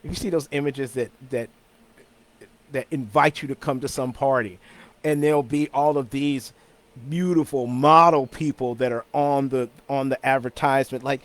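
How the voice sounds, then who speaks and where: A man hosts his own weekly talk stream, chatting in an easygoing, rambling way, often restarting and repeating words. His mid-range voice moves a little slowly, with long pauses, and he chuckles between thoughts. The recording has no echo.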